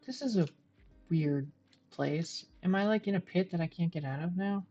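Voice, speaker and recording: A woman's voice: fairly low pitch, moderate pace, warm tone, muffled recording. A woman streaming a game, chatting and thinking aloud as she plays and talks to her viewers. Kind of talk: live gameplay commentary.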